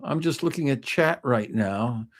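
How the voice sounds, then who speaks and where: A man's voice: mid-range voice, lively intonation, a little slow. A man in his fifties hosting a casual home livestream, rambling through restarts and fillers as he talks to his viewers. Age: 50s. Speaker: livestream host. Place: home desk, indoors.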